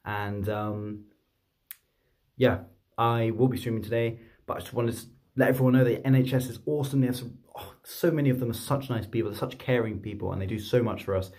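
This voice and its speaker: A man, telling a story to camera in a chatty, rambling, excitable way. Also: medium pitch, brisk. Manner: chatty, rambling, excitable, with many fillers and restarts. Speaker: vlogger and streamer.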